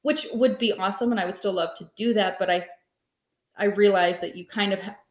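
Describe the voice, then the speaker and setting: A woman in her thirties talks through her story as a podcast guest. She rambles in a relaxed, conversational way and leans on plenty of fillers. Her voice sits at a middling pitch, and the room around her is echoey. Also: fairly quick. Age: 30s. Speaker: podcast guest, small business owner. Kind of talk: casual interview storytelling.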